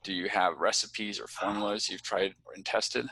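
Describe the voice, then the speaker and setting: A man's voice: on the low side, flat delivery, normal speed, creaky, bright, forceful tone, slightly rough, rough recording. A man hosting a casual interview, agreeing often and reading out listener questions. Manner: agreeable, brief affirmations, reads questions. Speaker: podcast host.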